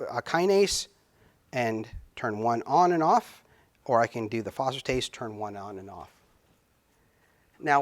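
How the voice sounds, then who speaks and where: A middle-aged man giving a recorded biochemistry lecture, halting and filler-heavy, stretching out key words. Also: mid-range voice.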